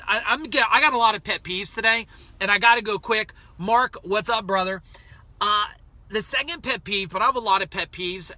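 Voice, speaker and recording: A man's voice: sits high, sharp tone, dry recording. A man hosting a casual motivational live stream, greeting viewers by name in a chatty, emphatic way while he waits outside a store. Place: outside a grocery store waiting in a car.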